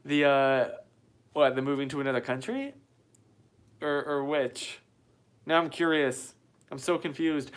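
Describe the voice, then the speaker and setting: A man's voice: mid-range voice, unhurried, pauses often, smooth. A man hosting a casual live stream from a small white-walled room, chatty and self-mocking, reading viewer comments aloud into a phone.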